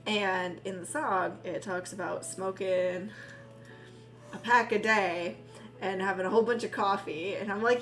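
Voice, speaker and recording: A woman talks her way through a baking stream in a loose, rambling chat, freely sprinkled with swear words. When her dogs come by, she coos at them in a high, soft voice. Music plays clearly underneath her voice. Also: steady tone, measured pace. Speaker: live streamer.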